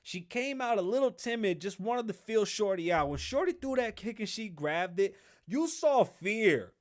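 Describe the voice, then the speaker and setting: A man hosting a podcast alone, ranting casually and profanely in animated commentary. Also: sits high, normal speed. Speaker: podcast host.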